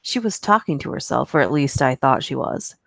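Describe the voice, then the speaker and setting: A woman's voice: extremely low pitch, big pitch swings, a little fast, vocal fry, no echo, clean studio sound. A woman hosting a live stream, reading creepy stories aloud and chatting with asides between them. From United States. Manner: reads aloud with asides, laughs at herself.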